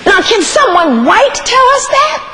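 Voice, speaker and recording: A woman gives a live lecture to an audience, often laughing and questioning the crowd. Her very high voice swings widely, and clear noise runs under the recording. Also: sing-song, a little slow.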